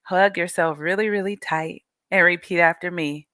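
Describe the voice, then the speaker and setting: A woman reading her children's book aloud slowly and expressively, coaching young listeners to repeat affirmations. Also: on the low side, fairly even intonation, bright, forceful tone, dry recording. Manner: slow, emphatic storytelling, coaching children to repeat.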